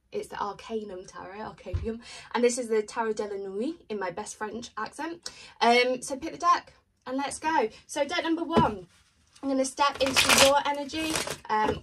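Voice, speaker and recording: A woman giving a pick-a-card tarot reading, chatting in a gently reassuring way. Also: a little high, recorded from a distance, very noisy. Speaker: tarot reader.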